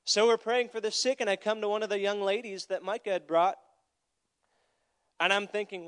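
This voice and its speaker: A young man preaching a sermon as a traveling evangelist, telling a story and swinging from quiet asides to loud calls to the crowd. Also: high voice, fairly even intonation, moderate pace, long pauses, clear, resonant tone. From Florida.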